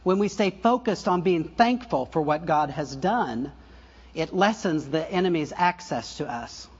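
Raspy-voiced older preacher. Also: male voice, a little high, animated, measured pace, dull audio. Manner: conversational preaching with asides and self-corrections; laughs softly at his own stories. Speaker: pastor. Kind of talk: sermon.

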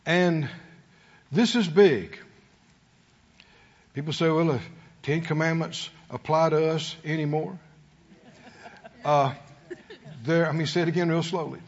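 A man preaching a sermon to a congregation in a call-and-response style, sometimes rising to shouts. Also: fairly high pitch, highs cut off. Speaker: pastor.

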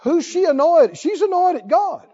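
High-voiced preacher man, lo-fi sound. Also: sing-song, normal speed, big-room sound. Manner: storytelling, swings between soft low asides and loud emphatic lines. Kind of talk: sermon. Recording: dull lo-fi recording.

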